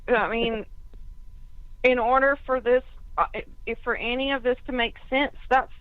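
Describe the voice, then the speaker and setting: A woman talks slowly and hesitantly on a conference call, restarting her sentences as she works through her thoughts. Her voice sits a little high. It comes through a dry, tinny phone line. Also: fairly even intonation, no room sound. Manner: hesitant, restarts, thinks aloud. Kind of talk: casual discussion on a call.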